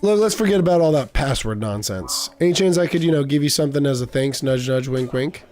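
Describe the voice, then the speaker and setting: A man's voice: mid-range voice, expressive, a little fast, darkish tone, faint music behind, lightly acted. A man voicing a sarcastic male cat detective in a video game, quipping wryly. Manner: wry, sarcastic quips.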